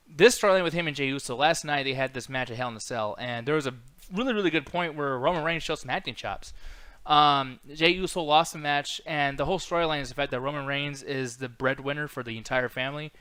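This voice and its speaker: This is a man in his thirties chatting on a live stream, slightly high-pitched and full of fillers and swearing. His voice sits close and dry on the mic, with no room sound at all. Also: bright, forceful tone, clean tone, no echo. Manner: loose, profane, rambling with frequent fillers. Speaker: podcast host. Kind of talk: casual live-stream chat.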